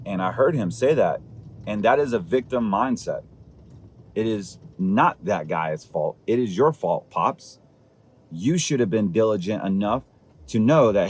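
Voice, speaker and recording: A man's voice: mid-range voice, expressive, normal speed, slightly rough. A man hosting a candid monologue show, talking with fiery, preachy emphasis that rises as he presses his point. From Puerto Rican heritage. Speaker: podcast host, financial advisor.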